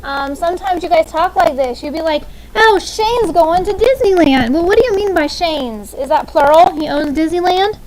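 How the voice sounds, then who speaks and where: A woman's voice: very high-pitched, fairly quick, few pauses, very noisy. A woman in her thirties teaching a classroom grammar lesson, upbeat and often checking in with "okay?". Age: 30s.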